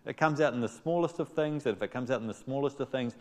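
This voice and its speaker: A man preaching a sermon, his delivery ranging from loud, excited exclamations to quiet, earnest appeals. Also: medium pitch, fast. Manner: animated, rising to loud exclamations and dropping to soft appeals. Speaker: pastor.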